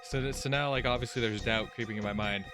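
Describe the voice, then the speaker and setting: A man's voice: mid-range voice, steady tone, fast talker. A man hosting a let's play, reading visual novel text aloud and musing casually about the plot. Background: game music.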